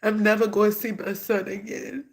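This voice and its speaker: A woman's voice: mid-range voice, level tone, normal speed. A woman talking casually to viewers on a livestream. She is blunt and profane and swings between scorn and grief. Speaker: livestreamer, grieving mother.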